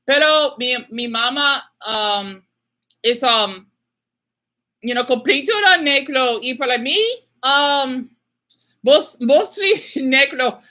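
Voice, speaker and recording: A woman on a casual livestream reading viewer messages, talking haltingly with many fillers and slipping into hesitant Spanish. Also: high-pitched, sharp tone. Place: lives in Phoenix.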